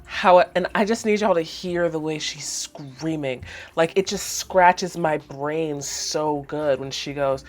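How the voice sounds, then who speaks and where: A woman's voice: low-pitched, slow. A woman in her twenties chatting casually as she recaps a cartoon, laughing often and saying "like" a lot. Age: 20s. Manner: chatty, laughing, heavy use of "like". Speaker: host.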